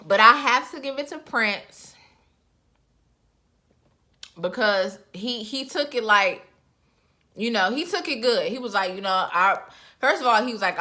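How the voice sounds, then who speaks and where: A young woman reviewing a reality show in casual, expressive chat, her voice jumping up in pitch as she reacts. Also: measured pace, long pauses. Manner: chatty, expressive, with sudden pitch jumps.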